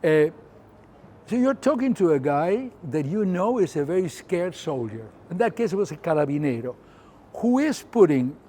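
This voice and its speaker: A man in his seventies from Argentina with an Argentine Spanish accent, a photographer who tells his story in a lively way, acting out scenes with sound effects and quoted voices. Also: a little high, normal speed, a little hiss or hum. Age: 70s. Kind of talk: personal storytelling.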